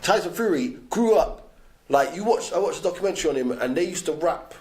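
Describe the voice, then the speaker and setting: A man, telling animated stories in casual slang-filled chat. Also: sits high, brisk. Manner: animated storyteller, street slang. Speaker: guest. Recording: echoey room.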